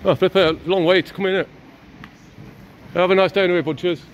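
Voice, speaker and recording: A man's voice: high voice, steady tone, quick pace, highs cut off, slight background noise. A man filming outdoors by a road, arguing bluntly and then talking to himself as he walks. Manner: argumentative, blunt, talks to himself while walking. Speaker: filming auditor. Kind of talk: confrontational street filming.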